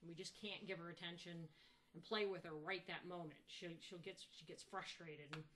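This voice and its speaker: Bright-voiced woman telling stories haltingly. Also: on the low side, slight background noise. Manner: halting, many restarts, animated when mimicking. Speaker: interviewee. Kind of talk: casual storytelling interview.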